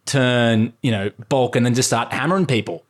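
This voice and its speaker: A man's voice: mid-range voice, moderate pace. A man in his thirties co-hosting a casual podcast with easygoing banter. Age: 30s. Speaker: podcast co-host.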